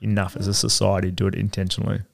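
A man's voice: low-pitched, completely flat delivery, rapid-fire, creaky. A man in his thirties co-hosting a podcast in casual chat, rambling with fillers and casual swearing. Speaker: podcast co-host.

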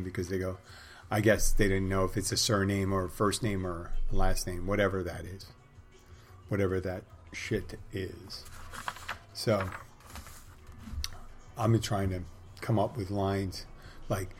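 A man's voice: low voice, level tone, moderate pace, soft background music. A middle-aged man rambling through a casual monologue, with wry, digressive, crude humor.

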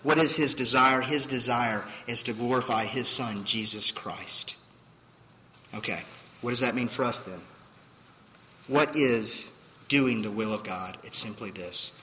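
A man's voice: mid-range voice, slow, sharp tone, in a large hall, a little hiss or hum, low-quality recording. A man preaching a sermon as pastor, emphatic and full of rhetorical questions. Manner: emphatic, rhetorical questions, acts out quoted voices.

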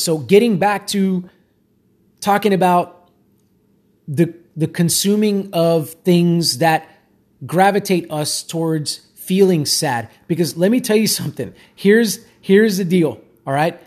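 Male self-help speaker, raspy and high-pitched, casual and insistent. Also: darkish tone. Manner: emphatic, repetitive, conversational. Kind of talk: motivational monologue.

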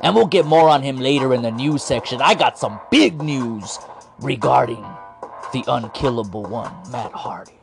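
A man's voice: medium pitch, normal speed, creaky, over music. A man hosting a wrestling podcast, talking in a playful, slangy, self-mocking way. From Latino. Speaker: podcast host. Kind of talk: casual wrestling podcast commentary.

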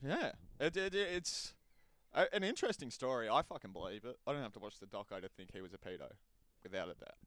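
Laid-back man, lively pitch. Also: quick pace, dry recording. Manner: laid-back, laughs often, reads messages aloud. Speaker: podcast co-host. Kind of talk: casual chat.

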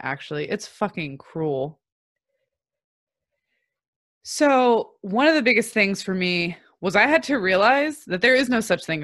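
A young woman speaks on her own podcast in a candid, emphatic way, swearing freely. Her voice sits a little low for a woman. The sound is close and dry, with no room echo. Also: a bit bright. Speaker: podcast host and coach. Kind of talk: casual solo podcast talk. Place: at home.

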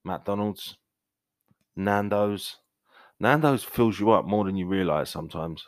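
Deep-voiced man in casual podcast chat. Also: measured pace, no echo, studio quality. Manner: chatty, trying out accents. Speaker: podcast co-host.

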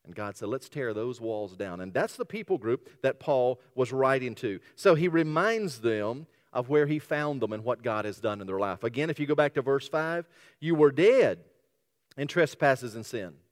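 A man's voice: medium pitch, lively intonation, moderate pace, few pauses. A pastor preaching a sermon, emphatic and repetitive, asking his listeners rhetorical questions. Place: church sanctuary. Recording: long hall reverb.

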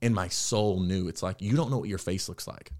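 A young man, an actor, talking candidly in an interview, telling his story in a reflective, animated way. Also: low-pitched, fairly quick. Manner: candid, reflective, animated when quoting himself. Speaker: actor and podcast guest.

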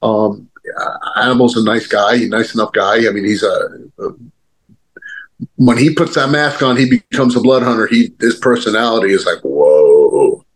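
A man's voice: medium pitch, moderate pace, rough recording. A man in his fifties, a former wrestler, telling stories in a rambling, casual way, with many restarts, fillers and the odd swear word. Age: 50s. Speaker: guest, former pro wrestler. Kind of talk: casual storytelling chat.

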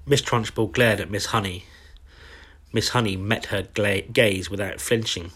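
Man reading a bedtime story, slow n gentle, deepish and breathy. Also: fairly even intonation. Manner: slow, warm and tender.

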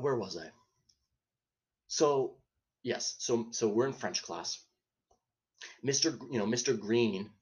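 A man's voice: fairly low pitch, dull audio. A man hosting a podcast, telling a comedic story in a rambling, profane way, often interrupting himself and laughing at his own tale. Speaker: podcast host.

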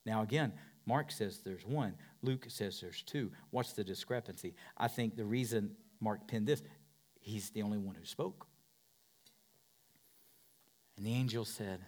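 Guy preaching a sermon, fired up, goes from hushed to yelling and back. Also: fairly low pitch, moderate pace. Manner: impassioned preaching, swings from hushed to shouting. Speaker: pastor.

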